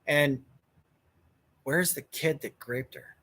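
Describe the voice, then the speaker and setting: A man's voice: a little high, slow, bright, forceful tone. A man hosting a podcast, ranting bluntly and casually, swearing a lot. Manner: crude, blunt, swears freely. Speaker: podcast host. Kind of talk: casual opinion rant.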